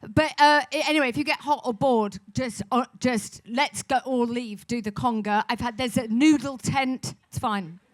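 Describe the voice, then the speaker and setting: Chatty woman, rambling asides. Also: fairly high pitch. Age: middle-aged. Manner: chatty, rambling, self-deprecating with quick asides. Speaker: guest. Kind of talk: live on-stage conversation. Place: festival stage before an audience.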